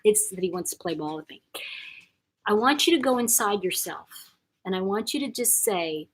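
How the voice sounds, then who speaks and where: An older woman hosting a casual live chat, reading viewer comments aloud, chatty and quick to laugh. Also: mid-range voice, expressive, husky. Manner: warm, chatty, reacts to comments, laughs often.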